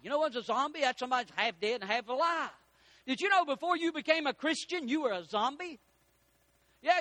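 A man preaching a folksy sermon, rising to loud peaks and slowing down for emphasis. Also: extremely high pitch, no room sound. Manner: folksy preaching with dramatic rises and slowed emphasis. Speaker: pastor.

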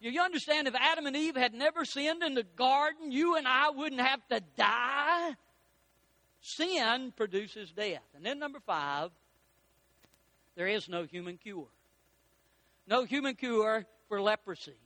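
A man preaching a folksy sermon, rising to loud peaks and slowing down for emphasis. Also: extremely high pitch, animated, dry recording. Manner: folksy preaching with dramatic rises and slowed emphasis. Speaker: pastor.

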